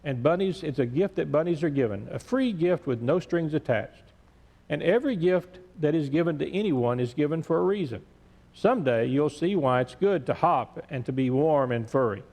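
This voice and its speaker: A man voicing a wise, solemn silver wolf in a storybook tale, speaking slowly and deliberately. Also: fairly high pitch, expressive, darkish tone. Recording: echoey church sanctuary.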